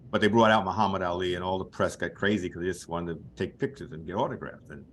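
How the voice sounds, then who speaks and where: A man's voice: deep voice, fast talker, a little hiss or hum. An older man, a guest sports journalist, telling rambling anecdotes in a casual chat, chuckling now and then.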